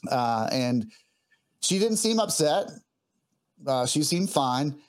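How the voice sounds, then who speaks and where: A man's voice: mid-range voice, sing-song, takes it slowly. A man, a guest musician, telling a personal story in an earnest, heartfelt way, often stopping and restarting as he gets emotional.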